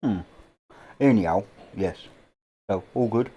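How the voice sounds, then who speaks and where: A middle-aged man with an English accent, hosting a casual livestream chat from a home, rambling and offhand with casual swearing, on a boom-mounted mic. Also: takes it slowly, mellow, breathy edge. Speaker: livestream host. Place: indoors at a home. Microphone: boom-mounted microphone.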